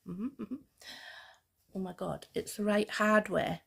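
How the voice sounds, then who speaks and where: A woman vlogger talking casually, telling a rambling, excitable story. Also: lowish voice, moderate pace, vocal fry. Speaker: fashion vlogger. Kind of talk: casual chat.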